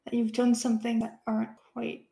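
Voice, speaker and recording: A woman's voice: fairly high pitch, monotone, fairly quick, creaky, warm tone, reverberant, poor audio. Hesitant woman playing a tabletop game. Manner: hesitant, laughing, lots of fillers and restarts. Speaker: player. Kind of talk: tabletop role-play.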